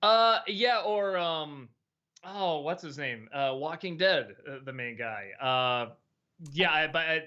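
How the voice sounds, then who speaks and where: Hesitant man, lively bright voice. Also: a little high, slow pace, lo-fi sound. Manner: hesitant, many fillers and restarts, laughs easily. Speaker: host of a live-streamed chat show. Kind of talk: casual live-stream chat answering viewers.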